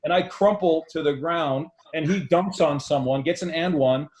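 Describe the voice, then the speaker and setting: A middle-aged man, a podcast guest, telling animated stories and acting out quoted dialogue. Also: a little high, moderate pace, background noise. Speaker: guest, former basketball player. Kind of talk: storytelling in a podcast interview.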